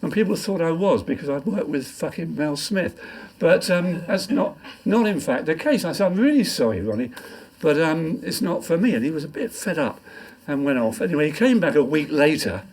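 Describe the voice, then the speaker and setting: A man's voice: a little high, lively intonation, fairly quick, darkish tone, husky. An older man and comic poet, reading his poems live in a pub with a rambling, self-mocking delivery. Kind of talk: live stand-up poetry reading. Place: pub function room.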